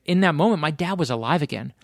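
Speaking quickly in a high-ish, gravelly voice full of fry, an author from Florida tells personal anecdotes during a relaxed chat. His delivery is animated and accelerates in bursts as each story builds, and the sound is close, dry, and free of room tone.

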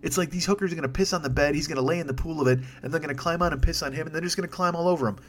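Fast-talking profane male podcast host. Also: fairly high pitch, a bit bright, slight background noise. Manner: profane, sarcastic and rambling. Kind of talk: solo comedic rant. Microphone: desk microphone.

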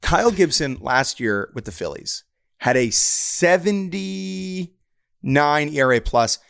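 A man's voice: on the high side, big pitch swings, measured pace, creaky, fairly bright tone. A man co-hosting a sports podcast, talking casually and animatedly, often slipping into mock quotes. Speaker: podcast co-host.

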